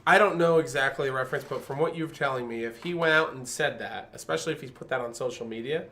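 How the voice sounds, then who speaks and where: A man's voice: mid-range voice, fast, sharp tone. A man co-hosting a casual podcast, giving earnest opinions and often restarting his sentences. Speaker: podcast co-host. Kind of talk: casual chat.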